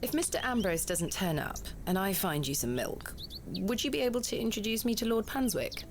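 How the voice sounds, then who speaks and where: A woman's voice: medium pitch, expressive, fairly quick, slight background noise, lightly acted. An actress playing a formal, determined woman archaeologist in an adventure game. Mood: composed. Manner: formal, composed.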